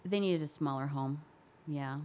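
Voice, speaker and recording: A woman with a somewhat low voice chatting casually as a guest. She answers in short, matter-of-fact bits, with faint background noise behind her. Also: a little slow, warm tone. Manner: brief, matter-of-fact replies. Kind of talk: casual chat.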